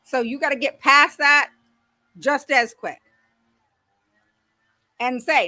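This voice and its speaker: A woman special education advocate talking straight to her viewers in a blunt, animated way, her voice swinging up and down as she talks. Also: on the high side, unhurried, long pauses, no room sound. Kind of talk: casual direct-to-camera talk.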